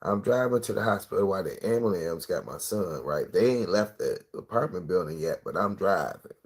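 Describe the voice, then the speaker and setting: Deep husky man telling a wild story. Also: brisk. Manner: animated, profane storytelling with acted-out quotes. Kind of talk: casual storytelling.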